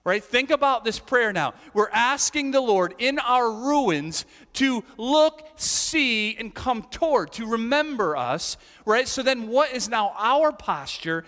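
A man's voice: very high voice, expressive, slow pace, few pauses, bright, forceful tone, big-room sound. A man preaching a sermon as pastor, talking conversationally and animatedly with many rhetorical questions, in a church sanctuary.

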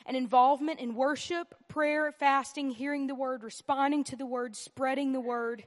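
A woman's voice: sits high, fairly even intonation, moderate pace, big-room sound. A woman teaching a church Bible lesson, earnest and emphatic, who repeats key phrases and drops in humorous asides. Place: church meeting room.

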